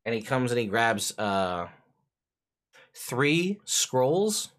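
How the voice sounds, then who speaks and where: A man's voice: mid-range voice, big pitch swings, very slow, fairly bright tone. Man narrating as game master. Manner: casual, jokey narration.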